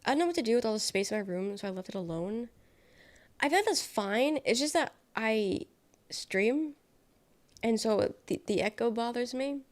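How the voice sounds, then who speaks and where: A woman's voice: a little high, animated, moderate pace. A sick young woman with a nasal, congested voice, rambling casually as a livestreamer from her bedroom. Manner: rambling, trailing off, self-correcting. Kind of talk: casual chat. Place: her bedroom with bare walls.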